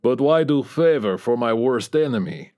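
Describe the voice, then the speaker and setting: A man voicing a huge, menacing old Russian ex-spy with a Russian accent, who speaks slowly in clipped, broken English. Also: mid-range voice, animated, darkish tone, voice pushed up, lightly acted.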